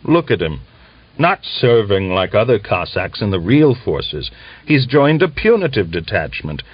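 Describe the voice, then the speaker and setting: A man's voice: on the low side, very animated, unhurried, husky, no room sound, heavily acted. A man voicing a pious old peasant wife who speaks indignantly and challengingly. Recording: dull lo-fi dry recording.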